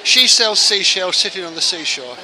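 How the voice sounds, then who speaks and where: A man's voice: high voice, big pitch swings, normal speed, sharp tone. A man from London with a South London accent, reading test phrases and joking at a market. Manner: joking, teasing. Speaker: interviewee. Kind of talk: casual chat. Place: busy outdoor market. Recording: noisy street market outdoors.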